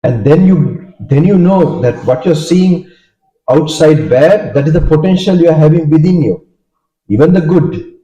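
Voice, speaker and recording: Monk recounting stories in an echoey hall. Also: male voice, a little high, animated, mellow. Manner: halting, storytelling, many fillers and restarts. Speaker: Buddhist monk giving a talk. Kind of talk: informal dharma talk. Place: hall with audience. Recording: dull echoey hall recording.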